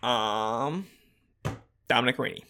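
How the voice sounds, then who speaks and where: Podcast host, male, gravelly bright voice, calls out names briskly. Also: mid-range voice, slight background noise. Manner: reads out names and keeps the vote moving. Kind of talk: casual chat.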